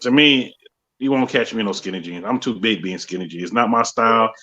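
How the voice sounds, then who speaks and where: A man's voice: on the low side, fairly quick, pushed and bright. Man on a dull, lo-fi podcast line. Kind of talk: casual podcast chat.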